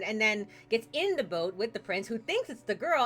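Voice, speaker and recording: Bright-voiced woman streaming a story game. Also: on the high side, expressive, fairly quick, few pauses. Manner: playful, narrates a fairy tale and hops into character voices. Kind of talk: casual gaming stream chat with acted story voices.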